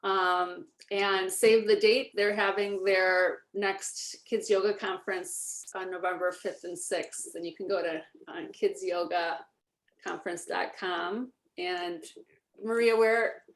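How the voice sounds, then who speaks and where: A woman's voice: medium pitch, fairly even intonation, slow pace. Echoey woman hosting an online talk. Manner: loose, searching phrasing. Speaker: host. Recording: roomy echo.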